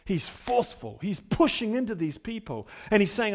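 Guy preaching a sermon, high lively voice, chatty with lots of uh's then gets loud and forceful. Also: normal speed, hardly any pauses. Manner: swings from quiet teaching to loud emphatic preaching; fillers and restarts, conversational. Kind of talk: expository sermon.

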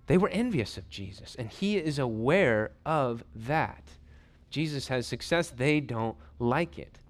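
A man preaching a sermon, reading and retelling scripture in an animated way and acting out the scenes. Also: medium pitch, measured pace.

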